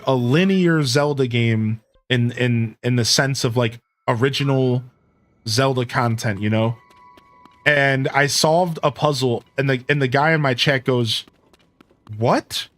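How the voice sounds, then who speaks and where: Chatty male streamer talking through gameplay. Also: medium pitch. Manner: chatty, lots of "like" and "dude"; animated when telling stories. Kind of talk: casual gameplay commentary.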